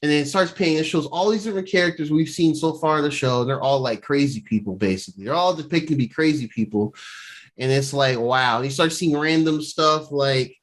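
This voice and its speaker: A man's voice: fairly high pitch, fairly quick. A man co-hosting a podcast, casually recapping a TV episode and acting out the characters' lines as he goes. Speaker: podcast co-host.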